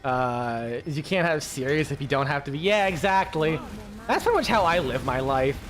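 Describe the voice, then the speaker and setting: A man's voice: fairly high pitch, expressive, moderate pace, a bit bright. A man chatting casually with his stream viewers, rambling, full of fillers and swearing freely.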